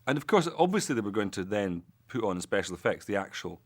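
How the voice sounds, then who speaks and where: A man's voice: fairly low pitch, very animated, quick pace. A man, an actor, telling self-mocking, joking anecdotes in an interview.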